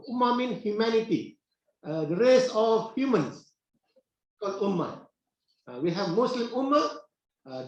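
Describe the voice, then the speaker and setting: A high-pitched middle-aged man lectures in a classroom. He talks slowly, repeats himself and pauses on "uh", often asking the class questions. The room is very echoey and the sound is dull. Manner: unhurried, repetitive phrasing with frequent "uh" pauses and questions to the class.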